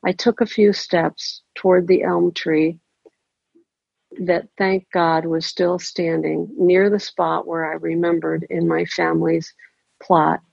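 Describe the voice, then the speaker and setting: A woman reading a first-person story aloud in a measured, deliberate way. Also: fairly low pitch, flat delivery, creaky, a little mellow, husky, dry recording. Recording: dry, dull lo-fi recording.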